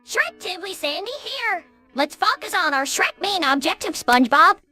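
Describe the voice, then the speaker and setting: Synthetic female voice of a perky high squirrel. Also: sing-song, moderate pace, sharp tone, no room sound, soft background music, heavily acted. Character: cheerful clever female cartoon squirrel.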